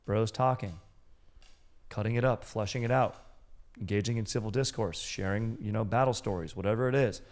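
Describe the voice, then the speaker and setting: A man's voice: fairly low pitch, fairly quick, a little mellow. A man in his thirties co-hosting a comedy podcast, chatting casually with a playful, mock-solemn delivery. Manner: playful, mock-solemn, drifts into quoted bits. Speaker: podcast co-host.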